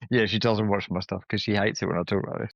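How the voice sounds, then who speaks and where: Podcast guest: lowish-voiced man, animated storyteller, slightly muffled, dry sound. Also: fast, creaky, dry recording. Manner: animated storyteller, playful swings in pitch. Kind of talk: casual chat.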